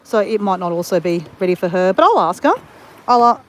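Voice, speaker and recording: A woman's voice: medium pitch, lively intonation, brisk, slight background noise. An Australian woman rambling in casual chat to her viewers as she walks outdoors. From Southeast Queensland, Australia. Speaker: vlogger. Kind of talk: casual livestream chat while walking. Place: outdoors near a beach.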